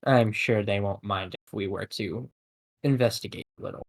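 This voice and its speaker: A man running a tabletop game as game master, narrating and speaking for characters in a measured way. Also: fairly low pitch, vocal fry, poor audio.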